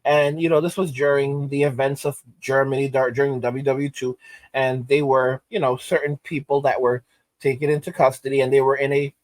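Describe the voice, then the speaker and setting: A man's voice: mid-range voice, little pitch movement, moderate pace, dry recording. A man hosting his channel, delivering emphatic ranting commentary and repeating phrases for weight. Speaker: channel host.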